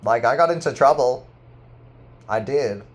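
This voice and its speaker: A man in a rambling personal monologue to camera, full of "like" fillers, swinging from loud boasting to low murmuring. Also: expressive, measured pace. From Australia. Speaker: artist vlogger.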